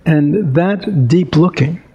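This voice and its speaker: A man giving a dharma talk as a meditation teacher, reading a story and then reflecting aloud. He is unhurried, with many fillers and rhetorical questions. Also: on the high side, warm tone, husky, lo-fi sound.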